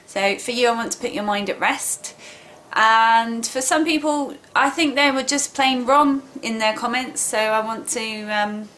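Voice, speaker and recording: Woman w explaining stuff to camera, earnest, slightly high voice. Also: measured pace, fairly bright tone, a little hiss or hum. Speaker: English teacher.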